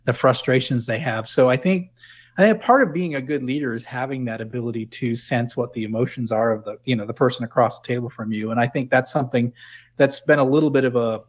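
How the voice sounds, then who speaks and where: A man's voice: mid-range voice, quick pace. Reflective middle-aged man, dull sound. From New England. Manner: reflective, full of restarts and "you know". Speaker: podcast guest. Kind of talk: casual interview talk.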